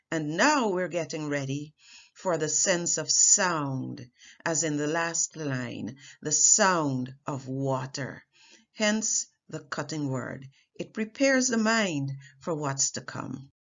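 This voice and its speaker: A woman teaching artist giving a poetry lesson, speaking in a slow, deliberate way with measured pauses. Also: low voice, fairly bright tone, dull audio.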